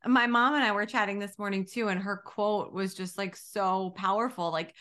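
A woman's voice: medium pitch, normal speed. A young adult woman co-hosting a podcast as a dietitian, talking in casual chat with lots of fillers and some swearing. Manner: animated, filler-heavy, swears.

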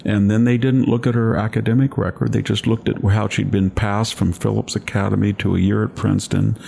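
A man's voice: fairly low pitch, vocal fry, a little mellow. An older man hosting a political commentary chat, talking in an emphatic, lecturing way full of long anecdotes. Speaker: podcast host.

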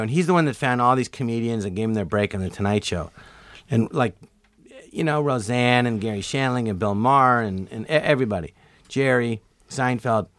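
A man's voice: medium pitch, no echo. A man in his sixties, a comedian guest, telling stories casually and acting out the voices of people he quotes. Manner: animated storyteller, acts out quoted voices. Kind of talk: casual storytelling interview.

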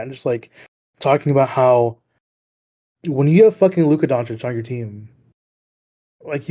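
A man's voice: medium pitch, mellow. A man hosting a casual podcast chat, laughing often and rambling with lots of fillers. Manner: laughs often, heavy with "like" and "you know" fillers. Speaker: podcast host.

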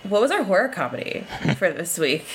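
A woman co-hosting a podcast, chatting casually about films and shows, animated, laughing often and swearing freely. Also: medium pitch, brisk. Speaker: podcast co-host.

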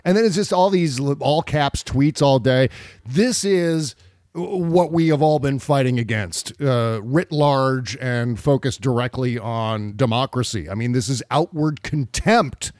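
A man's voice: medium pitch, measured pace, a little mellow, dry recording, clean studio sound. A man co-hosting a podcast, chatting casually and animatedly about politics, sometimes mocking the people he quotes. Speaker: podcast co-host.

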